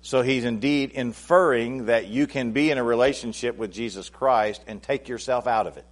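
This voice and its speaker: A male pastor delivers a sermon to his congregation in a conversational way, restarting phrases and climbing to loud, emphatic peaks. His voice is medium in pitch and moves at a moderate pace.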